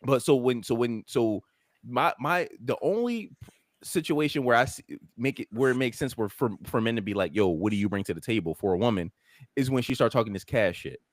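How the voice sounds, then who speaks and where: Lively man in a dry room. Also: medium pitch, brisk, no room sound. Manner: lively, argumentative, laughs often. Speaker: podcast co-host. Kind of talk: casual chat.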